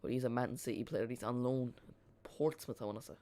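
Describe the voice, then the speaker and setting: Streamer, male, casual match chat that loops back on itself; smooth, clean voice, dry close mic. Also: medium pitch, fairly quick, darkish tone, no room sound. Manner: casual, rambling, repeats and corrects himself. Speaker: watch-along streamer. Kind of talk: live football watch-along commentary.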